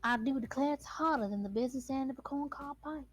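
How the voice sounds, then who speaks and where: A woman's voice: high-pitched, fast, soft background music, natural voice. A woman playing a prim, genteel Southern belle lady with a put-on American Southern accent. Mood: drawling.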